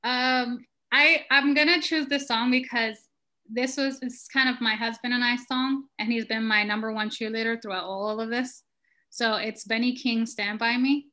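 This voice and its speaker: A woman guest on a podcast, talking in a relaxed, casual way with frequent "um" and "kind of". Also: on the high side, moderate pace.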